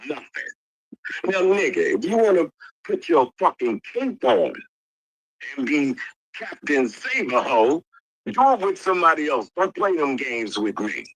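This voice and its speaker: A furious man in a heated livestream argument hurls curses and repeats the same insults again and again. His bright, forceful voice climbs high and swoops all over, and the sound is close and dry. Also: no room sound, rough recording. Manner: angry, profane, repeats insults. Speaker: livestream participant. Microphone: streaming call mic.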